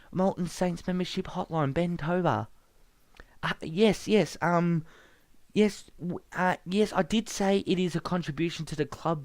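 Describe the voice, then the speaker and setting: A man's voice: a little high, no room sound, pitched above the performer's own voice, close to an everyday voice. A man voicing a flustered young male membership seller who stammers and hesitates.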